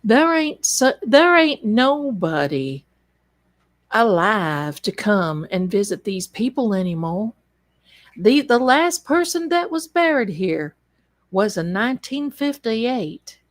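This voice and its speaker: A woman voicing a middle-aged male small-town police officer who speaks in a slow folksy drawl and calls her ma'am. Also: on the high side, sing-song.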